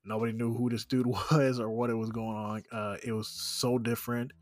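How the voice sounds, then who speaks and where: A man's voice: medium pitch, level tone, moderate pace, no room sound. Easygoing man hosting a podcast. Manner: easygoing, laughs often, many ums. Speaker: podcast host. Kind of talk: casual chat.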